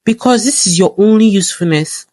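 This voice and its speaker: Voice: mid-range voice, a little fast, darkish tone, no room sound, lightly acted. A cruel, scheming woman talks down to her captive with harsh contempt, voiced by a storyteller. The reading stays close and dry. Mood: contemptuous.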